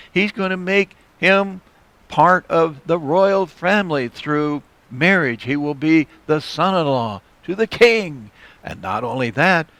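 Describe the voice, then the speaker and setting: A man's voice: on the high side, a bit bright, dry recording. A man teaching a Bible study, reading verses and explaining them in plain, conversational words.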